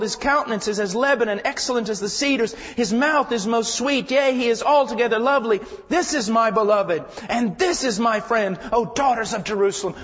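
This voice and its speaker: A man preaching a sermon with passion, swinging between shouted lines and hushed, quiet ones. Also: high-pitched. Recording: dull lo-fi sound with long hall reverb.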